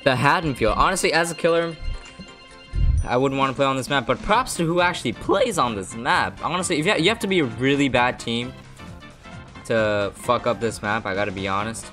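Young male streamer, wired and excitable, swears a lot, very lively pitch. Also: a little fast, soft background music. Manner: hyper, excitable, swears often. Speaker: gaming streamer. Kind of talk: hyped gameplay commentary.

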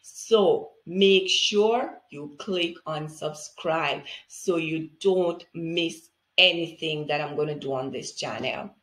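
A woman teaching reading with phonics, speaking slowly and clearly in an encouraging way. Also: low-pitched, fairly bright tone, roomy sound. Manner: slow, enunciated, encouraging. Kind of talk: phonics tutorial for parents.

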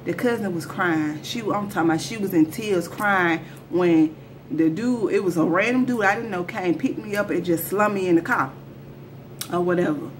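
Animated woman telling a story. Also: on the low side, normal speed, a little hiss or hum. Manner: animated, slangy storytelling addressing viewers. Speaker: storyteller vlogger. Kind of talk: casual storytime vlog.

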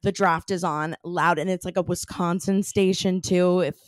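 A woman's voice: lowish voice, steady tone, normal speed, no room sound, studio quality. A young woman hosting a casual podcast chat, bubbly and laughing often. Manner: bubbly, laughs often, puts on silly accents. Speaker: podcast host.

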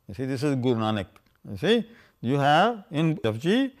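An older man giving an unscripted scholarly lecture on pronunciation, halting with many fillers and "you see", slowing down to chant quoted verses. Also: mid-range voice, very animated. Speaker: scholar lecturing on scripture language.

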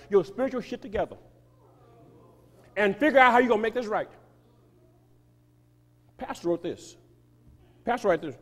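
A pastor with a notably high voice preaches in a church sanctuary, his words ringing with a long reverb. He is emphatic, swinging between loud and soft and quick and slow. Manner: emphatic, sweeping shifts of loudness and pace. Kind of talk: sermon reading a quoted article aloud.

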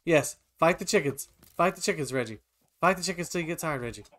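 A man hosting a video game let's play, chatting casually and often bursting into high-pitched shouts and laughter. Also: lively intonation, quick pace. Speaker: gaming channel host.

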